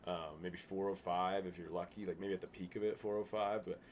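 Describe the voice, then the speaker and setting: A man's voice: deep voice, fairly even intonation, fairly quick. A young man telling stories in casual chat, ranting and swearing freely. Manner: profane, ranting storyteller. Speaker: podcast guest. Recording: faint background noise.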